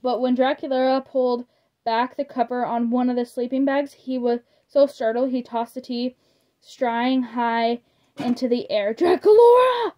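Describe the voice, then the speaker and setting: A woman reads a children's book aloud slowly, stumbling over words and apologizing for her misreadings as she goes. Her voice is a little high, mellow and flat, and the lo-fi audio is slightly muffled.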